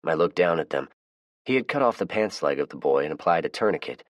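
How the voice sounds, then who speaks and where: Very deep-voiced male audiobook narrator. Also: lively intonation, fast, no echo. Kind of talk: first-person audiobook narration.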